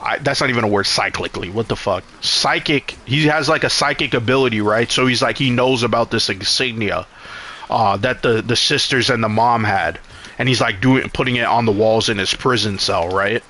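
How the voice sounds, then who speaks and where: A man's voice: mid-range voice, normal speed, sharp tone, a little hiss or hum. A man casually recapping a film while streaming a game, rambling, swearing and exasperated.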